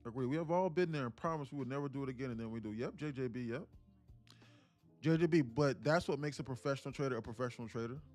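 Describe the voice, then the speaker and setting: A man's voice: medium pitch, fast talker, darkish tone, soft background music. A man coaching viewers on a live stream about trading. He talks bluntly, swears casually and keeps calling out to his audience.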